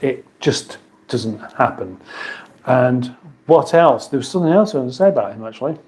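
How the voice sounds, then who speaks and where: A man's voice: mid-range voice, lively intonation, moderate pace, darkish tone. A man with an English accent hosting a casual live stream from his kitchen, reading viewer comments aloud with dry, playful banter. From England. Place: home kitchen.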